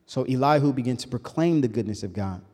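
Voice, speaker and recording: Animated preacher man in a reverberant hall. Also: medium pitch, fast talker. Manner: animated call-and-response preaching. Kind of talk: sermon.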